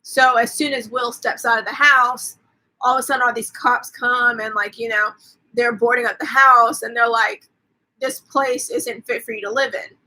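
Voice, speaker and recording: A woman's voice: fairly high pitch, steady tone, normal speed, pushed and bright, rough recording. A woman hosting a casual live stream, retelling a movie plot in a rambling way, full of fillers, quoted dialogue and casual swearing. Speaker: host.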